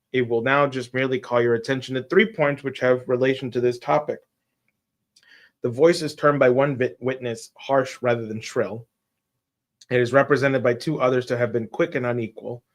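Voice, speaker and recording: A man reads a classic detective tale aloud on a relaxed live stream. He works through a long, wordy speech, sometimes tripping over a word and starting it again. His voice sits at an ordinary middle pitch. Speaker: co-host reading a classic story aloud.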